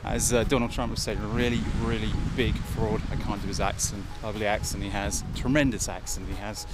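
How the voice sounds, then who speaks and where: Walking along the beach for a casual vlog, a man from England speaks fast in a steady, lowish voice, rambling opinionatedly while music plays in the background.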